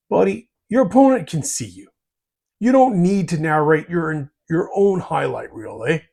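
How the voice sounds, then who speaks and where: A man's voice: on the high side, expressive, normal speed, vocal fry, a little mellow. A man, hosting a hobby channel with scripted comedic advice, folksy and teasing, tagging his lines with slangy asides.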